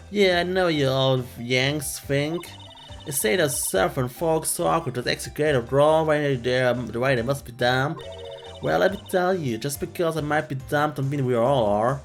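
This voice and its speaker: A man voicing a brash young country woman photographer in a put-on Southern drawl, loud and folksy, reading game dialogue. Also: medium pitch, moderate pace, faint music behind, natural voice. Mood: scolding. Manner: loud, twangy, folksy and bossy.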